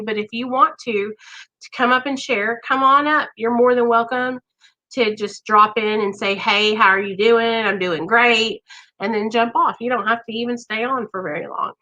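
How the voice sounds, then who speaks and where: A woman's voice: on the high side, steady tone, brisk, sharp tone, low-quality recording. A woman hosting a recovery live stream, talking straight to her viewers in an earnest, reassuring way. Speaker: recovery livestream host.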